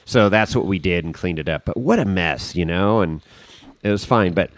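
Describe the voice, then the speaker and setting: A man, a podcast guest, telling a story in a casual, animated way, swearing freely and acting out the scene. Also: deep voice, normal speed, no echo.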